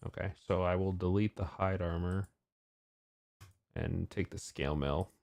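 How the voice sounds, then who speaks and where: A man's voice: sits low, steady tone, unhurried, vocal fry, darkish tone, dry recording, clean studio sound. A man playing a tabletop game, practical and working out trades aloud. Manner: practical, works things out aloud. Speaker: player.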